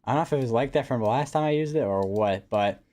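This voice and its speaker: A man's voice: medium pitch, fast, darkish tone. A man hosting a live weather stream, talking casually and rambling with lots of fillers and restarts. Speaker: livestream weather host.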